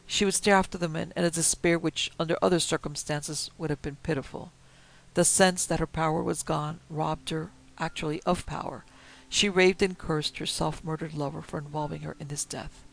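Male storyteller, gravelly, pitched a touch high; measured, quiet reading. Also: steady tone, poor audio. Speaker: narrator. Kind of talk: reading a Victorian story aloud.

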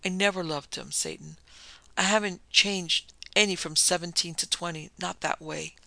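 A cool, calculating young woman with a scheme behind every word, as a man reads her in his own gravelly voice. The tone stays level and tight, bright and dry. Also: high-pitched, steady tone, moderate pace, dry recording, exaggerated voice.

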